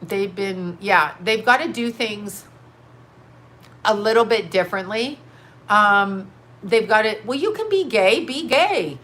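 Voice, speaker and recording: A woman's voice: medium pitch, expressive, unhurried, fairly bright tone. A woman hosting a casual commentary show, rambling frankly with lots of swearing and frequent bursts of laughter. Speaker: host.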